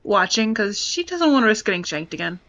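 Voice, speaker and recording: A woman chatting as a player in a tabletop game. She talks fast with plenty of fillers. Her voice is bright and sharp at an average pitch. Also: very animated. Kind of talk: casual game chat.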